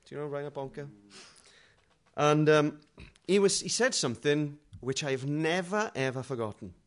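A middle-aged man preaching a sermon in a conversational, humorous way, moving between quiet asides and loud dramatic readings. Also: on the high side, moderate pace.

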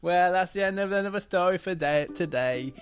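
Male children's storyteller, warm-hearted questioning tone, higher-pitched voice. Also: brisk. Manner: gentle, encouraging, asks children questions.

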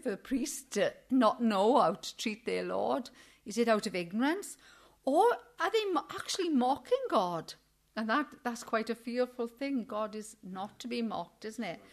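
An older woman leading a Bible study in an earnest, chatty sermon style, often ending her points with tag questions and acting out indignant quotes with animation. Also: a little high. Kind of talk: informal sermon.

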